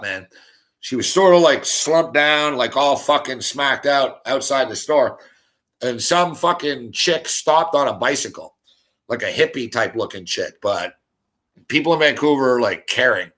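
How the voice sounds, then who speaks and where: A man hosting a sports talk show, ranting heatedly in a profane monologue full of rapid rhetorical questions. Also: medium pitch, fairly bright tone.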